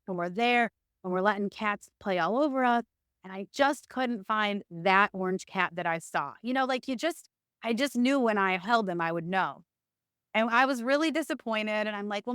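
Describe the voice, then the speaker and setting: A middle-aged woman telling a long story as an interview guest, chatty and animated. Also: medium pitch, clear, resonant tone, no room sound, studio quality. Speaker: podcast guest.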